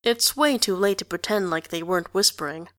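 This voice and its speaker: A woman narrating a story in an even, conversational reading. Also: on the low side, brisk, no room sound, studio quality. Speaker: reader. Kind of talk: audiobook narration of fan fiction.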